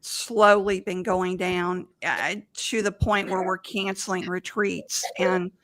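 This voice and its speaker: A woman's voice: fairly low pitch, steady tone, slow pace, a bit bright. A woman hosting an interview, hesitant, with fillers and short agreeing replies. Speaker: host. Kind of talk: casual interview talk.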